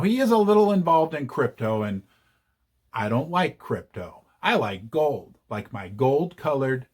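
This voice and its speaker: A man hosting his own channel, giving casual investing commentary with chatty, joking asides. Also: medium pitch. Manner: chatty and animated, jokey asides. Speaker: channel host.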